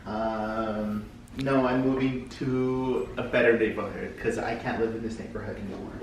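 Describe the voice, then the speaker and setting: A man joking in a deadpan way, heard off-camera. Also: mid-range voice, fairly quick. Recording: echoey and distant with noise.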